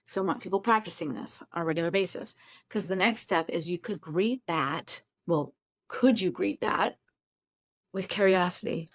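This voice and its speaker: A woman's voice: fairly low pitch, moderate pace, no room sound. A woman therapist explaining a self-esteem technique to camera from her home office, in a conversational way with self-deprecating asides. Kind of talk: casual talk-to-camera teaching.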